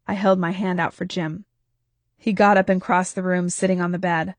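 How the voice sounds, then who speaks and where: A woman author reading her own novel in first person, lively, her voice leaping up on questions and exclamations. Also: moderate pace, no echo. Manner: expressive, pitch jumps on questions and exclamations. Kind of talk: first-person audiobook narration.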